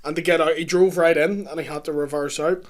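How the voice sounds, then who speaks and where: A man's voice: a little high, fairly even intonation, fairly quick. A man from the island of Ireland, co-hosting a podcast with blunt, sweary opinions. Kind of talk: casual podcast chat.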